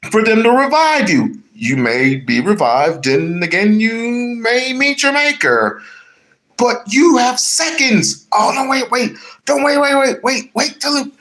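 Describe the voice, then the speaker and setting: A man's voice: extremely high pitch, fairly bright tone. A man hosting political commentary, emphatic and repeating phrases to drive points home to his audience.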